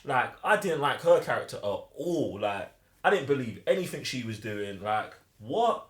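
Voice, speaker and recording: A young man, co-hosting a casual movie review chat in a slangy, animated way. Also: mid-range voice, normal speed. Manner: animated, slangy, mimics film lines mockingly. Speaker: podcast co-host. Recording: roomy echo.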